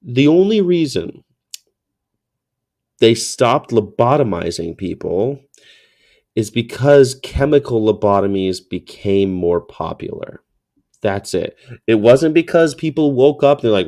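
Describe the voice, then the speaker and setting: Guy ranting thru a story on his vlog, sarcastic and sweary, lively storyteller. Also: mid-range voice, unhurried. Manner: mocking, profane, sarcastic; animated storyteller. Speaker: activist vlogger.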